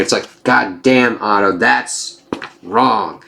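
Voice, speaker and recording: A man's voice: lowish voice, moderate pace, fairly bright tone. A man casually reviewing a comic book, rambling and swearing freely as he goes.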